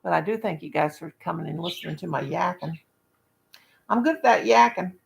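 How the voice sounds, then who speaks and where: A woman hosts a live stream from her country home through a webcam, her voice heavy with gravel and fry. She talks in a rambling, folksy way, tossing in jokes as she goes. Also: on the low side, fairly quick. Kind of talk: casual live-stream chat.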